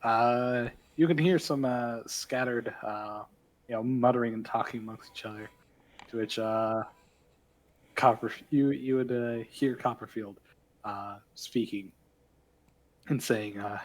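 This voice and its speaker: A man's voice: mid-range voice, fairly even intonation, measured pace, rough recording. A man narrating a tabletop game as game master, hesitant and full of fillers and restarts.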